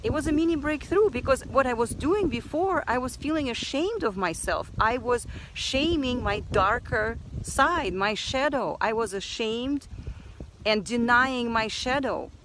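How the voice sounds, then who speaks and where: A woman's voice: fairly high pitch, expressive, a little slow. Earnest woman vlogging over background noise. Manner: earnest, repeats phrases for emphasis. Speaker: self-help vlogger. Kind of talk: personal reflective vlog talk.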